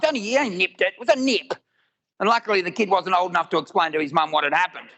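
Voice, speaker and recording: A man's voice: high-pitched, creaky, bright, forceful tone, low-quality recording. A man, telling stories in a live stand-up routine and acting out both sides of the dialogue. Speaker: stand-up comedian. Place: live comedy venue with audience.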